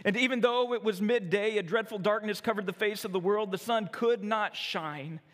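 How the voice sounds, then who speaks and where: A man reads a children's storybook in a high voice. He narrates expressively, dropping to slow and hushed at solemn moments. A long reverb trails each line.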